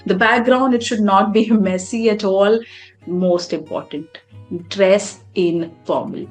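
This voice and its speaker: A woman, a public speaking coach giving animated, emphatic advice in a podcast interview. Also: medium pitch, slow, soft background music. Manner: animated, emphatic, demonstrates voice modulation.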